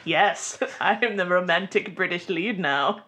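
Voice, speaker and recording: A woman's voice: on the low side, measured pace, sharp tone, a little hiss or hum. A woman from North Carolina co-hosting a casual chat show. She jokes around and laughs often. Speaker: co-host.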